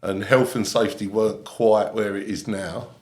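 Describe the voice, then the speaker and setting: A man's voice: lowish voice, normal speed, reverberant. Laughing man telling stories. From England. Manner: animated anecdote-telling, laughing through lines. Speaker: guest, ex-army comedian. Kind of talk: casual storytelling. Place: podcast studio.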